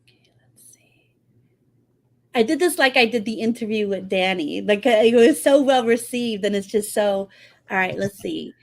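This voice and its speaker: A woman's voice: medium pitch, moderate pace, gravelly. A woman from New York with a New York accent, hosting a casual podcast chat and laughing often. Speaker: podcast host.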